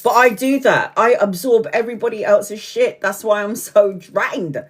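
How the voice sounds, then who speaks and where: A woman's voice: medium pitch, normal speed, background noise. A woman in her forties from Brazil, reading tarot on a live stream, blunt and chatty, swearing freely and laughing often. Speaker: tarot reader.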